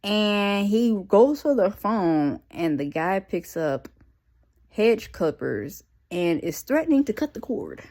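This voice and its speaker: A woman's voice: medium pitch, big pitch swings, slow pace, darkish tone. A young woman casually recapping a TV episode, slangy, with sarcastic, incredulous asides. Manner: slangy, conversational.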